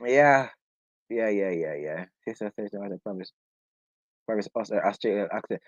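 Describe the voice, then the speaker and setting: Hosting a live online discussion, this British man speaks at normal speed in an expressive voice on the low side. He's jokey and chatty, laughing often, and the recording is dry and dull with little room around it.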